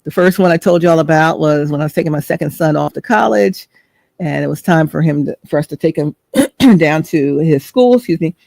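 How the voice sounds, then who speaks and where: A woman's voice: sits low, brisk, creaky, a little mellow, dry recording. A middle-aged woman hosting a vlog, telling a chatty, rambling story and searching for words as she goes. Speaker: host.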